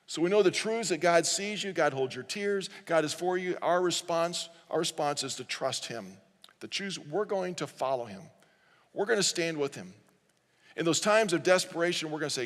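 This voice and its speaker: A man's voice: a little high, animated, moderate pace, fairly bright tone, in a large hall. A man preaching a sermon as pastor, earnest, reading scripture aloud and leading the congregation in reading. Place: large church sanctuary.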